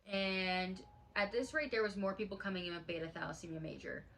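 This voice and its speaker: A woman's voice: medium pitch, fairly quick, vocal fry, a bit bright, slight background noise, rough recording. Earnest woman in her late twenties. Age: late 20s. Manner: earnest and heartfelt, casual with many fillers. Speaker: vlogger. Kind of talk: personal storytime vlog.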